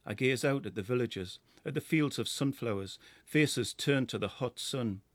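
Geordie male narrator, middle-aged, measured lyrical read, mid pitch, dry booth sound. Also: no echo. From North East England. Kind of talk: scripted first-person narration.

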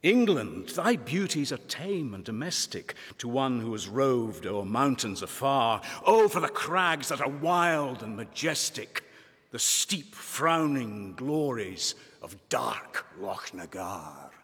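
A man reading a poem aloud in a slow, dramatic recital. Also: mid-range voice, sing-song, fairly bright tone, breathy edge, long reverb tail. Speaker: reader. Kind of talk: poetry reading.

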